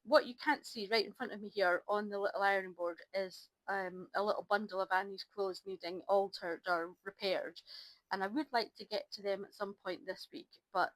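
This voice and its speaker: A middle-aged woman, talking casually to camera in a rambling, chatty way with lots of ums and restarts, a little low on energy. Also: steady tone, brisk, fairly bright tone, dry recording, rough recording. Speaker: crafting vlogger. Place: at home by an ironing board.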